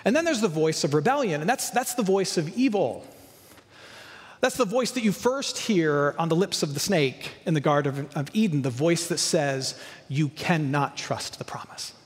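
A man's voice: fairly high pitch, animated, normal speed, long reverb tail. A male pastor preaching a sermon, emphatic, with repeated lists and rhetorical questions.

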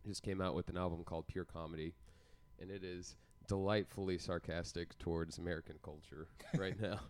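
A man's voice: deep voice, steady tone, fairly quick, darkish tone. A man co-hosting a casual music podcast, rambling and joking with lots of fillers. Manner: rambling, jokey, many fillers. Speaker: podcast co-host.

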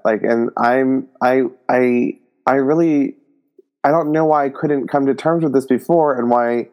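A young man talks casually about a book with his co-host. He jokes around and often stops and restarts his sentences. His voice sits at an everyday middle pitch. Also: dull audio. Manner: joking, halting, many restarts. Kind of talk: casual book review chat.

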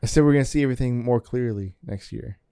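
A man co-hosting a podcast, chatting in a calm, understated way. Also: medium pitch, fast, creaky, clean tone, no room sound. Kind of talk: casual chat.

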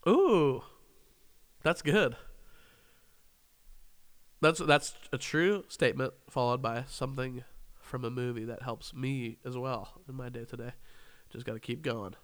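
A man's voice: mid-range voice, measured pace, pauses often. A young man hosting a casual interview podcast, joking, rambling and laughing often. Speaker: podcast host.

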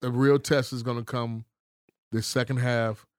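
A man hosting a casual group chat, lively and steering the talk with quick prompts. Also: mid-range voice, no echo, clean studio sound.

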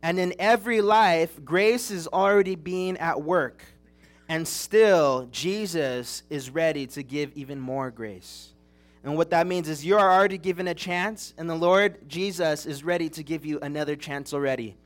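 A young man delivers a sermon in an earnest, chatty storytelling manner, and his voice sits a little higher than most men's. He is from Southern California. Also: normal speed. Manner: earnest, conversational storytelling with restarts. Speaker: preacher.

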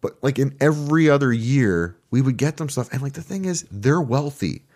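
A man hosting a casual podcast chat, telling stories in an animated, chatty way and swearing casually. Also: medium pitch, moderate pace. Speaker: podcast host.

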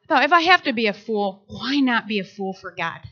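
High bright woman preaching, animated stories, kinda dull lo-fi sound. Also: brisk. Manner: animated storytelling with acted quotes. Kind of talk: sermon.

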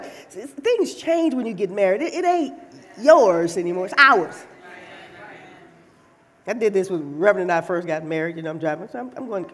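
A woman preacher giving a lively, playful sermon in a church, teasing her listeners as she makes her points. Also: mid-range voice, normal speed. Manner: playful, teasing, animated delivery.

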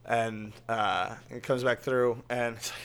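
A man's voice: mid-range voice, measured pace, clean tone, no room sound. A man hosting a tabletop game podcast and running the game, talking casually with many fillers. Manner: relaxed, filler-heavy. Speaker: host and game master.

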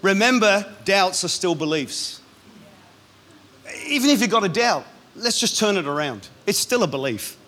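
A man, a pastor, preaching a sermon in a lively, punchy way with quick asides. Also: high-pitched.

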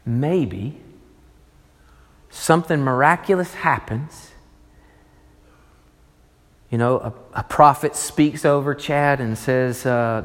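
A man preaching a sermon, animated and acting out the voices of people in his story. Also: medium pitch, takes it slowly, long pauses. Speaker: pastor. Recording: long reverb of a large hall.

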